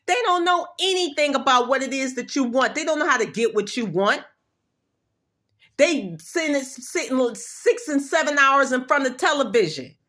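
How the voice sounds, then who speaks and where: A woman's voice: high voice, pushed and bright. A woman vlogger giving an emphatic, repetitive motivational talk in blunt, slangy everyday speech. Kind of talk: motivational pep talk to camera.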